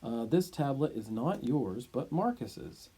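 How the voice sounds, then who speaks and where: Slow, husky-voiced man explaining Latin. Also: mid-range voice, very animated, mellow. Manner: explanatory, occasionally joking. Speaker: Latin teacher. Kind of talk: reading and translating a Latin story.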